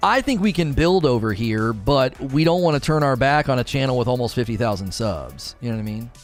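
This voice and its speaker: A man's voice: mid-range voice, animated, brisk, soft background music. A man in his thirties chatting casually on a live stream as the streamer, rambling with many fillers and restarts.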